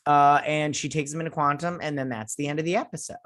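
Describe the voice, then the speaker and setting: A man's voice: on the high side, fairly even intonation, fast talker, a bit bright. A man hosting a casual show review, talking in a rambling way with many restarts and filler words.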